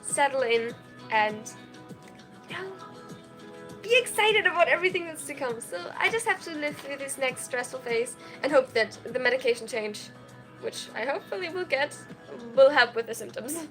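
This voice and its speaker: High-voiced excitable young woman streamer. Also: moderate pace, soft background music. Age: young adult. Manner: chatty, excitable, reads chat messages aloud. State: sleep-deprived, tired. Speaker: streamer reading chat. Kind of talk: casual live-stream chat. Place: small dormitory room.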